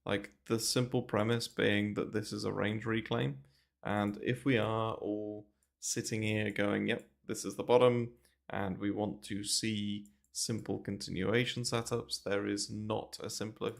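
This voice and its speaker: Low gravelly Englishman on a livestream. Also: little pitch movement, a little slow. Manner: rambling, filler-heavy, swears casually. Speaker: crypto trading streamer. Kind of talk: casual livestream market commentary. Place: small bare room. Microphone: desk mic moved close to mouth.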